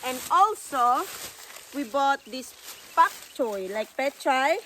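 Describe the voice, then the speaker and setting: A woman's voice: high-pitched, lively intonation, slow pace, fairly bright tone, slight background noise. Chatty woman gardening. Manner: chatty, addresses viewers as guys. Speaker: vlogger. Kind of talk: casual garden vlog.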